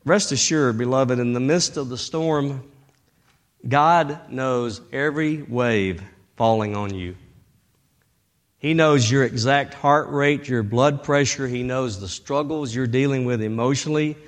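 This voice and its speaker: A male pastor preaching a sermon dramatically, swinging between loud bursts and hushed tones. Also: mid-range voice, measured pace.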